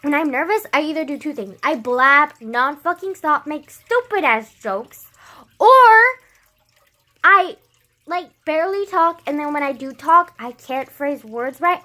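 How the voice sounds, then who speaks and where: A woman's voice: sits high, sharp tone. A young woman vlogging casually, rambling with lots of fillers and frequent swearing, self-deprecating.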